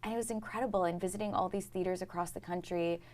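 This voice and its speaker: A woman's voice: on the low side, fairly even intonation, darkish tone. A young woman from Texas, a stage actress chatting as an interview guest in a bubbly, joking way. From Houston, Texas. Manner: bubbly, chatty, quick to joke and laugh. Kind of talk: casual interview chat.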